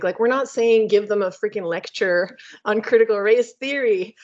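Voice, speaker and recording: A woman's voice: mid-range voice, moderate pace. Chatty woman presenting over a muffled call. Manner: animated, chatty, frequent "like". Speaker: webinar presenter. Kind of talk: casual webinar talk.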